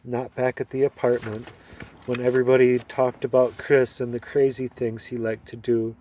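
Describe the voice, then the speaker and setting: A man's voice: medium pitch, dark tone. A man reading a short story aloud, telling it expressively and acting out the dialogue. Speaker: reader.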